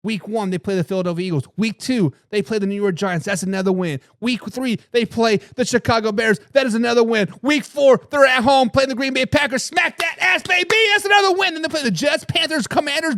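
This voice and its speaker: A man with a strikingly high, bright voice hosts a fan sports show, pumped up and riffing on his team. He calls out repeated catchphrases and fires back at viewer comments, a beer in hand, all captured with a close, dry sound. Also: dry recording. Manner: hype, repeats catchphrases, says "baby"; reads and answers viewer comments. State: drinking beer. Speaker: sports talk host. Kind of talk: hyped live sports talk.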